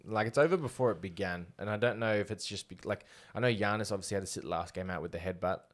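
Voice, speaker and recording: A very deep-voiced Australian man in a relaxed sports chat. He talks with easy confidence and makes bold calls. His voice sits low and steady throughout. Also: fast. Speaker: podcast co-host.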